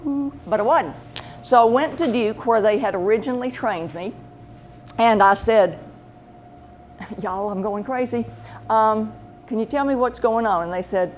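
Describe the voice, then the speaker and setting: A woman tells a long personal story with plenty of animation, acting out every voice she quotes. Her voice sits at an ordinary middle pitch. A faint hiss of noise runs under the recording. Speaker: pet medium, show host. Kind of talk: casual storytelling.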